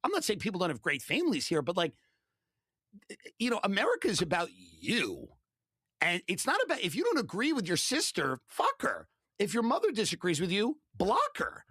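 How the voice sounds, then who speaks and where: A man in a played clip, ranting in a blunt, animated way with crude punchlines. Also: sits high, brisk, husky, dry recording, studio quality. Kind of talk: casual chat.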